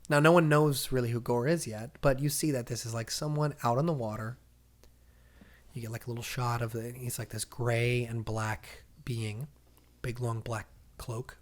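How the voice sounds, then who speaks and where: A man hosting a casual comics podcast, retelling a story in an animated way and acting out the characters' lines. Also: medium pitch, unhurried. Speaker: comics explainer host.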